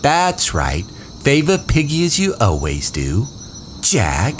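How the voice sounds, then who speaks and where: A man reading an audiobook and voicing an aggressive, domineering boy leader who shouts with contempt. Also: mid-range voice, huge pitch swings, slow, noisy background, voice pushed up. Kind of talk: audiobook character voice.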